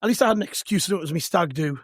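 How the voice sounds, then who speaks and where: Hoarse high-voiced man. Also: animated, racing, no room sound, clean studio sound. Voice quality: raspy. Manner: chatty, self-mocking, loose and rambling. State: hoarse, worn out. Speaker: podcast host. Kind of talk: casual chat.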